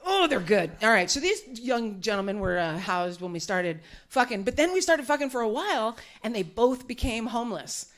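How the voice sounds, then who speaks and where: Female stand-up comic, bawdy and brash, somewhat high voice, laughs often, small warehouse studio venue. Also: sing-song, normal speed, hardly any pauses. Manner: brash and bawdy, laughing at her own jokes. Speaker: stand-up comedian. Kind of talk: live stand-up set.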